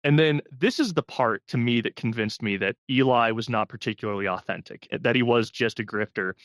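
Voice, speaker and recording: A man's voice: mid-range voice, brisk, a bit bright, no room sound. A man co-hosting a podcast, casually discussing films and retelling scenes with animation. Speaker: podcast co-host.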